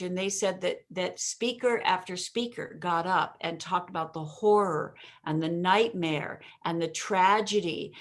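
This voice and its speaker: An energetic woman answering interview questions, her voice sitting at an ordinary middle pitch. She tells stories with emphasis and punch and is quick to laugh at her own jokes. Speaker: interview guest, communication expert. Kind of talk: conversational interview.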